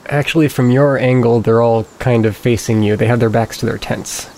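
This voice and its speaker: Male game master with a gravelly voice, steady and unhurried at the table. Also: mid-range voice, a little hiss or hum. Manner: measured, unhurried rulings.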